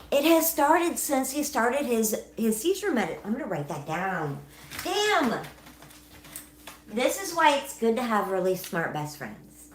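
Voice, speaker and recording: A young woman hosts a casual livestream and chats with her viewers. Her pitch swings up and down a lot. She laughs often and answers the chat as she talks. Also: sing-song, a little slow. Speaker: livestream host.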